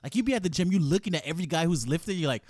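A man in casual chat as a co-host, animated and often acting out gym banter. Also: fairly high pitch, very fast, no room sound, studio quality. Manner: animated, acts out gym banter in quoted lines.

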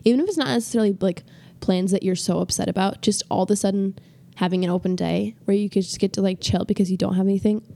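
A woman's voice: medium pitch, fairly even intonation, fast, creaky, few pauses, mellow. A teenage girl co-hosting a casual family podcast, bubbly and giggly with lots of filler. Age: teens. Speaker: podcast co-host, daughter.

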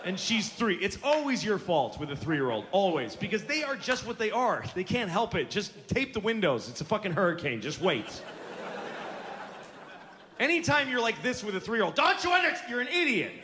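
A man's voice: high-pitched, big pitch swings, moderate pace, a bit bright. A man in his forties doing a stand-up routine, telling stories in an exasperated, profane way. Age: 40s. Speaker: stand-up comedian. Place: theater stage before an audience. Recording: live show with room noise.

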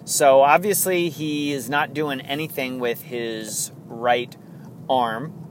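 A man's voice: mid-range voice, steady tone, slow pace, slight background noise. A man hosting his own sports podcast solo, talking casually and eagerly, rambling with frequent chuckles. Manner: enthusiastic, rambling, chuckles often. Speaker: podcast host.

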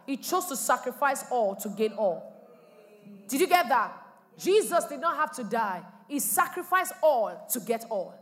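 A woman pastor delivers a sermon in an animated style, shifting from quiet asides to loud bursts. Her high voice moves around a lot, and it rings out with long reverb in a church hall.

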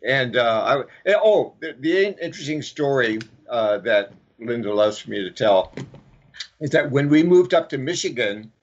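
A man's voice: mid-range voice, animated, normal speed, dull audio. A man co-author from the American South, telling stories in casual conversation with many fillers and restarts.

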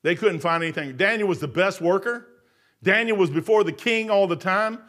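An older man preaching a folksy sermon, telling stories and swinging from quiet muttering to loud, emphatic lines. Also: sits high, a little fast.

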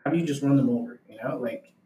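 A man's voice: medium pitch, fast talker, muffled recording. A man co-hosting a casual podcast chat, telling stories loosely with lots of fillers. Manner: relaxed storytelling, many fillers. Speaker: podcast co-host. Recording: roomy echo.

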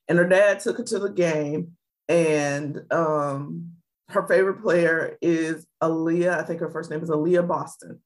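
A woman hosting a podcast, telling stories in an animated, chatty way. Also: fairly low pitch. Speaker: podcast host. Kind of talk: casual podcast chat.

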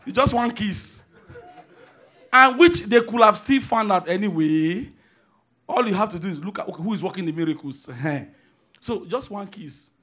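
A man preaching a sermon, emphatic, repeating phrases and swinging from hushed asides to shouted declarations. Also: sits high, animated, moderate pace.

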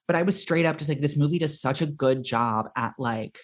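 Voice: mid-range voice, a little fast. Rambling, chatty podcast co-host. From America. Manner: rambling, full of "like", animated quoting. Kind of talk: casual chat about a film.

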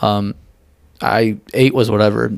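A man's voice: lowish voice, fairly even intonation, creaky, smooth, no echo. A man co-hosting a casual movie review podcast, blunt and profane in his opinions. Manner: blunt and profane, quick to call things stupid. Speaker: podcast co-host.

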